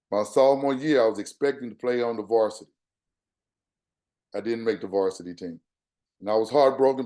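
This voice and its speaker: A man's voice: mid-range voice, warm tone. An older man from Texas, a guest speaker telling a personal story in an earnest, conversational way, quoting the people in it. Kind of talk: storytelling talk.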